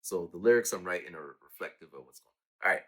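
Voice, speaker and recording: A man telling casual stories about his own raps, lively and acting out sounds and quotes. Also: low-pitched, fast talker. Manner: animated, acts out quotes and sound effects. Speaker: rapper talking about his own songs. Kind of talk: casual storytelling.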